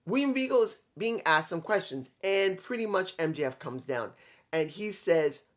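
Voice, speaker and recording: A man's voice: high voice, lively intonation, normal speed. A man reviewing a wrestling show in a casual, rambling way, with some swearing and restarts.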